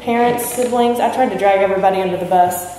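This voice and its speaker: A woman's voice: mid-range voice, fast, mellow. A woman speaking candidly to a convention audience, joking and asking them questions. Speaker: speaker sharing recovery experience. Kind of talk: talk at a recovery convention. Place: large hall with audience. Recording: echoey hall from far off.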